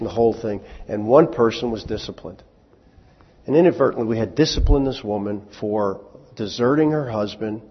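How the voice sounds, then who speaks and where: Halting preacher in his sixties. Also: fairly low pitch, breathy edge. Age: 60s. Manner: halting, repeats words, folksy asides. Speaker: pastor. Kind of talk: sermon. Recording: dull sound with long hall reverb.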